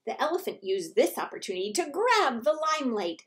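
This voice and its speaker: A woman librarian reading a picture book aloud to children, animated and theatrical, dropping into whispers for suspense. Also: a little high, a little fast, few pauses. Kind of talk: children's read-aloud storytelling.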